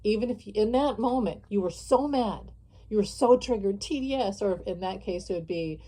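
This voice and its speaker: Impassioned woman with a mellow voice. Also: mid-range voice, normal speed, slightly rough, poor audio. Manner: impassioned, repetitive, addresses viewers directly. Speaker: channel host. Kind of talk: opinionated political vlog monologue.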